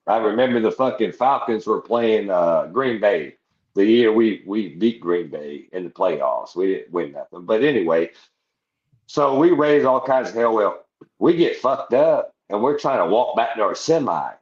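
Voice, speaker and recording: A man with a fairly low, slightly mellow voice speaks expressively at a measured pace. He's a veteran podcast guest spinning a long, rowdy, rambling anecdote full of swearing and laughing asides. The casual storytelling is captured in a roomy, slightly dull-sounding recording.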